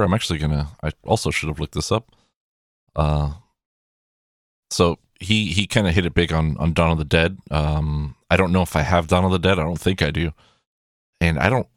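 A man's voice: low voice, no room sound, clean studio sound. A man rambling through casual commentary on a film from his own collection, with many fillers and restarts. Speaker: movie collection reviewer.

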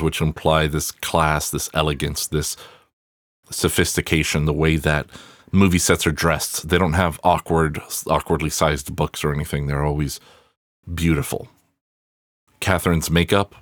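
A man with an extremely low, bass-heavy voice talks through a movie on his podcast, casual and profane. He drifts into wry, rambling asides before circling back. The sound is dry and close, with no room in it. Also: dry recording. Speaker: podcast host. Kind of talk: casual solo movie review.

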